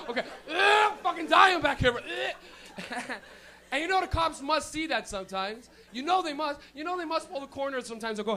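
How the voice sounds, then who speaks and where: High-voiced young Canadian stand-up, bright. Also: male voice, expressive, a little fast. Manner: loud, rambling, laughing at own jokes. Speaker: stand-up comedian. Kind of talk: stand-up set. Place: comedy club, live audience.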